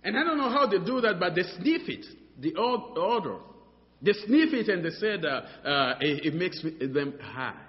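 A man preaching a sermon, animated and halting, often repeating words and filling pauses, acting out little dialogues as he goes. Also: mid-range voice. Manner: acts out dialogues in his story. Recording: dull sound, long hall reverb.

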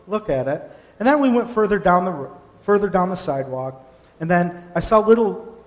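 Middle-aged male pastor, sermon delivery, higher-pitched, animated with frequent restarts, long hall reverb. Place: church sanctuary.

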